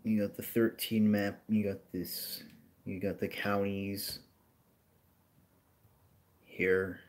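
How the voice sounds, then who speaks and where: A man's voice: fairly low pitch, little pitch movement, slow, darkish tone. A man giving a casual geography lecture over a map, rambling with many fillers and restarts. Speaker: geography educator.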